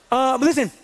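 A pastor in his thirties gives a relaxed, animated sermon full of casual storytelling and rhetorical questions aimed at his congregation. For a man, his voice is unusually high, and a long reverb trails after it as in a large church hall.

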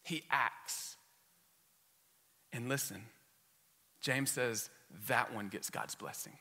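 A man's voice: medium pitch, slow, bright, forceful tone, in a large hall. A male pastor giving a sermon, telling a personal story with humor and frequent restarts. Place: church sanctuary.

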